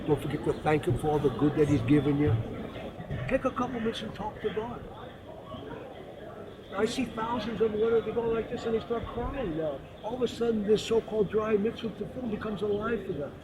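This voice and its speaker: High-voiced man telling earnest stories. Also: a little fast. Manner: earnest, animated storytelling with acted-out quotes. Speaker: religious teacher. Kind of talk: storytelling spiritual talk. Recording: crowd noise in the background.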